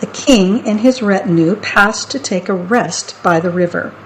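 A woman reading picture books aloud as a storyteller, in a playful, expressive way. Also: medium pitch, normal speed, slight background noise, low-quality recording. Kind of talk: picture book read-aloud.

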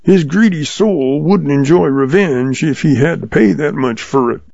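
A man voicing a calm, sly old western outlaw who talks in a patient folksy drawl, in a storybook reading. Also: fairly high pitch, a little slow, gravelly, dry recording. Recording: dull lo-fi sound.

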